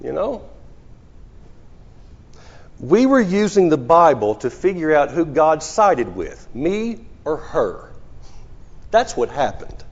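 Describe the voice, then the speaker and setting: Preacher guy, kinda high voice, chatty storytelling sermon, long church echo. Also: very animated, slow pace, pauses often, slightly rough. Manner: conversational, storytelling, with frequent restarts. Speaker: pastor. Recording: muffled sound in a reverberant hall.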